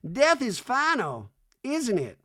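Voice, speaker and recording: A man voicing a cold, blunt older woman, a stern mother, in a high, slow, drawn-out voice. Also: huge pitch swings, a bit bright, full character voice. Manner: icy, drawn-out, high put-on voice.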